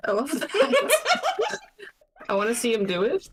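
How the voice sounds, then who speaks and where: A woman's voice: high voice, huge pitch swings, unhurried, slight background noise, low-quality recording. A young woman streamer playing a tabletop game, bantering in a teasing, casual way. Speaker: player and streamer.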